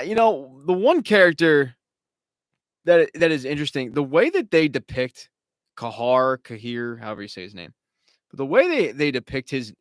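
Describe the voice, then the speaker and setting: A man's voice: medium pitch, fairly bright tone, smooth, no room sound, studio quality. A man hosting a live recap stream, talking casually at home, rambling, swearing and slipping into mocking impressions. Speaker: show host.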